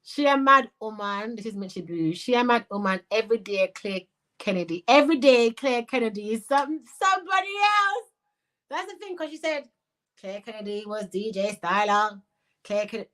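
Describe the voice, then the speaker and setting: A middle-aged woman from Jamaica with a Jamaican accent, hosting a casual livestream, talking in an animated, blunt way and mixing in patois. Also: medium pitch, poor audio. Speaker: livestream host reading viewer chat.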